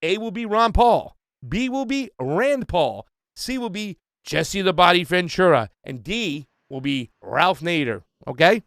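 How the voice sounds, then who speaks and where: A man's voice: sits high, big pitch swings, unhurried, vocal fry, fairly bright tone, dry recording, studio quality. A man hosting a casual livestream trivia game, talking loosely with plenty of fillers and restarts.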